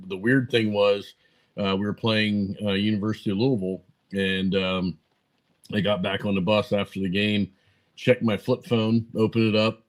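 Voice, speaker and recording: A man in his forties with a low, fairly flat voice, talking as a podcast guest. He rambles through anecdotes, full of "uh" and "um", and acts out both sides of old conversations. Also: poor audio. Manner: rambling anecdotes full of fillers and quoted dialogue. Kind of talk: casual storytelling interview.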